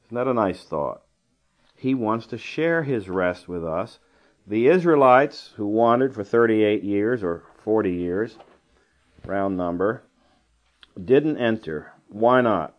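A man's voice: fairly low pitch, animated, takes it slowly, highs cut off. A man teaching a verse-by-verse Bible lesson in a conversational style, with dry asides and digressions. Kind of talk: Bible study lecture.

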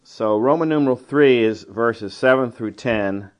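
A man's voice: mid-range voice, measured pace. A man teaching a verse-by-verse Bible lesson in a conversational style, with dry asides and digressions. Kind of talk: Bible study lecture.

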